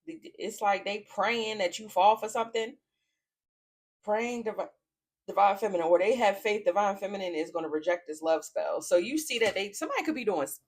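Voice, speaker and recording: A woman's voice: medium pitch, moderate pace. A woman giving a casual tarot reading to camera, blunt and profane, often cracking up laughing. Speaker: tarot reader.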